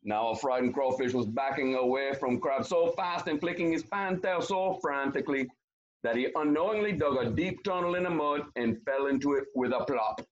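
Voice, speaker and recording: A man reading a picture book aloud to children, breaking in with lively, chatty asides. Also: mid-range voice, moderate pace, lo-fi sound. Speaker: teacher reading a story to children. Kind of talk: storybook read-aloud with asides to kids.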